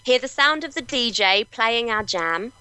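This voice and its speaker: A woman's voice: fairly high pitch, expressive, measured pace, sharp tone, clean tone, no echo, low-quality recording. A woman hosting a quiz on a podcast, reading song lyrics aloud with laughing asides. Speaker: guest quiz host.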